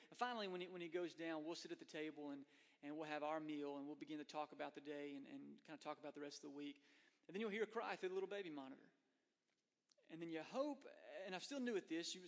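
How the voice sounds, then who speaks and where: A man preaching a conversational sermon as a pastor, slipping into voices for the people he quotes. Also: a little high. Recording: long hall reverb.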